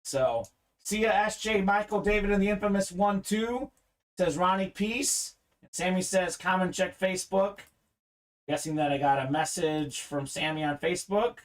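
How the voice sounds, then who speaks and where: A man's voice: high voice, moderate pace. A young man hosting a live card-break stream, chatting casually and reading viewer comments aloud.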